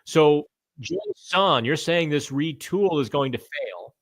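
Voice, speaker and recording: A middle-aged man hosting a live hockey chat, answering viewer comments in a loose, thinking-out-loud way and stumbling over names now and then. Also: a little high, expressive, slow, dry recording. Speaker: hockey podcast host.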